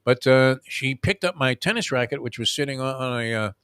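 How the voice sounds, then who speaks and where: Older man, sports talk host, bright sharp tone, rambling, restarts, dry close sound. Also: medium pitch, fairly quick, clear, resonant tone, dry recording. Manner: rambling storyteller, many fillers and restarts. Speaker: show host. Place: home room.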